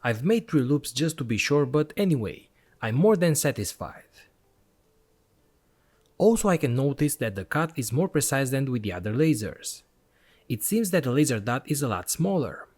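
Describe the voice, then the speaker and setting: A man's voice: medium pitch, big pitch swings, moderate pace, a little mellow. A man hosting an electronics channel, narrating a product review voice-over in an enthusiastic, step-by-step explanatory way.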